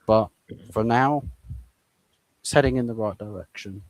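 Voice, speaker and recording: A man's voice: lowish voice, measured pace, no room sound. A man giving opinionated football takes in a casual chat, often repeating words as he starts a thought. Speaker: co-host football pundit.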